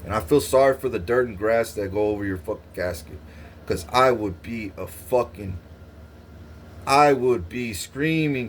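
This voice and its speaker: This vlogger has a fairly low-pitched voice and talks at normal speed, with a faint hiss or hum behind him. He threatens and brags to the camera in a profane, swaggering rant, often stuttering and starting his lines over.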